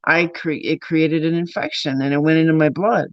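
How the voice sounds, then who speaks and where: A chatty man rambles through stories on his livestream, peppering them with casual swearing. His voice sits a little high for a man. The sound is dull and lo-fi, with a close, dry feel and no room echo. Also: steady tone, normal speed. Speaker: streamer.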